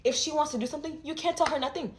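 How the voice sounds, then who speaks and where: A woman's voice: sits high, rapid-fire, noisy background, voice pushed up, close to an everyday voice. A young woman quoting her exasperated mother, sighing and resigned about a headstrong daughter.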